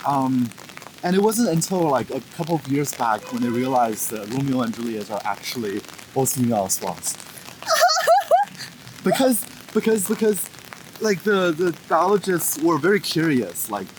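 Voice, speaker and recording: A man's voice: medium pitch, rough recording. A man vlogging a walk around town with friends, chatting casually and rambling with lots of fillers. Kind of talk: casual chat. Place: busy city streets outdoors. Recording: loud street noise behind. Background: loud street ambience.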